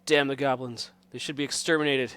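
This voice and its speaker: A solemn medieval city lord, grieving and formal, declaiming archaic lines in an exaggerated mock French accent, as a man reads him aloud. The voice sits a little above an ordinary male pitch, and game music plays underneath. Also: steady tone, fairly quick, fairly bright tone, clear, resonant tone, lightly acted. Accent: put-on French. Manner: declaiming read-aloud dialogue.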